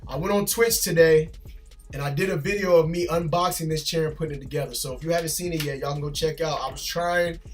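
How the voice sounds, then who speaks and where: A man's voice: a little high, fast talker, soft background music. A man who is an army drill sergeant, vlogging from his gaming chair at home in a loose, chatty way. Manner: loose and chatty, often tags "man" and "bro". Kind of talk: casual reaction vlog.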